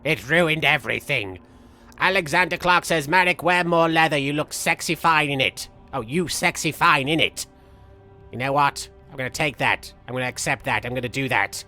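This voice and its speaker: A man's voice: on the high side, moderate pace, bright, forceful tone. A man playing a vain, theatrical villain streamer. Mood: playful. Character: theatrical, vain, mock-menacing male villain persona. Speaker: streamer voicing a cartoon villain persona. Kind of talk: live game stream chat with in-character banter. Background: faint game music.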